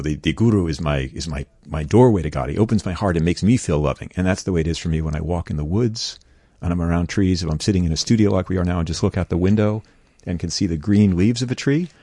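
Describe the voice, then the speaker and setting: A man's voice: deep voice, mellow, dry recording. A middle-aged man from New York, a guest talking earnestly and reflectively in a studio, laughing now and then. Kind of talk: reflective conversation.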